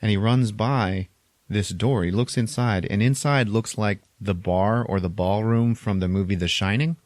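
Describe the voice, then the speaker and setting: A man co-hosting a podcast, casually retelling a movie plot with animated acted-out quotes and laughter. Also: lowish voice, moderate pace, no echo. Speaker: podcast co-host. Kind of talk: casual movie recap chat.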